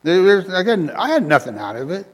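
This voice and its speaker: A man's voice: high-pitched, big pitch swings, a little fast. A male preacher giving a sermon in a conversational style, repeating phrases and joking with the congregation. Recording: long reverb of a hall.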